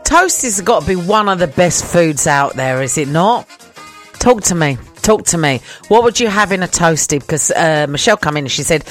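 A woman's voice: on the low side, sing-song, a little fast, faint music behind. A woman with a southern English accent hosting a casual call-in radio show, chatty and bubbly, laughing easily as she talks. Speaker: radio host.

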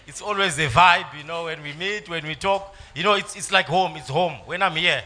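Bright-voiced man testifying. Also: on the high side, normal speed. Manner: storytelling, emotional, laughing at times. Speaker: church member giving testimony. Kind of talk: church testimony.

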